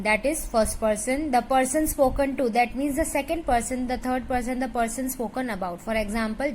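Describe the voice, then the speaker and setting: A woman with an Indian English accent, teaching a grammar lesson patiently, often checking in with the class and drilling word lists slowly. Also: high-pitched, slight background noise, low-quality recording. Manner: patient, checks understanding with "right?".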